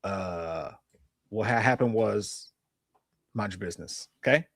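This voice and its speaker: A live stream host in his forties, this man has a fairly low, expressive voice and talks at a normal speed. He meanders through a story full of crude jokes in easygoing chat, recorded at studio quality with no room sound.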